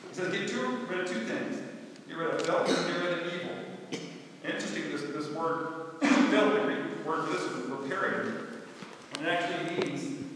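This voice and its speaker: A male pastor delivers a chatty, folksy sermon, slipping in casual asides. His fairly high voice rings through a large hall with a long reverb, picked up from some distance. A faint hiss sits under it. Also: normal speed, fairly bright tone. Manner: conversational, folksy preaching with asides. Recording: echoey hall, mic far off.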